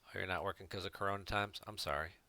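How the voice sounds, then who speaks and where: A man's voice: sits low, fairly even intonation, fast, pushed and bright. A man chatting casually to his viewers while playing an online card game, talking to people in the chat. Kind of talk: casual gameplay commentary.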